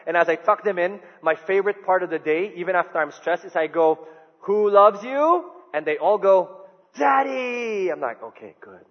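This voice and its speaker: A middle-aged male pastor with a voice that sits high for a man preaches briskly, telling stories in an animated way and dropping to a hush for tender quoted lines. The sound is muffled, with a long echo from the hall.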